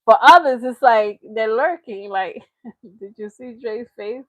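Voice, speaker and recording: A woman's voice: fairly high pitch, unhurried, fairly bright tone, dry recording. A woman hosting a reaction channel, talking in casual, chatty commentary with frequent laughs. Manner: chatty, laughing, slips into mocking impressions.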